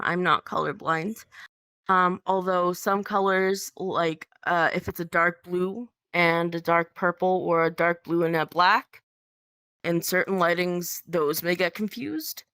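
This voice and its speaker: A woman speaking as a podcast guest in casual conversation, hesitant with many pauses and ums. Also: lowish voice, bright, forceful tone, clean tone, no room sound, clean studio sound.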